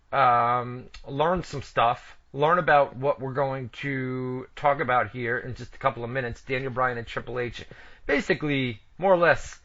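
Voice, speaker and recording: A man's voice: medium pitch, bright, forceful tone. A man hosting a wrestling radio show in loose, joking chat, with lo-fi internet radio sound. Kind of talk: casual chat.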